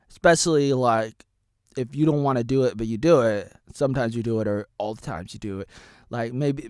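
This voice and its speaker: A man in his thirties from Oregon hosting a rambling solo vlog, jumping between wild shouted bursts and low mumbled asides. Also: clear, resonant tone, dry recording. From Oregon, United States. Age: 30s. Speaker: vlogger host.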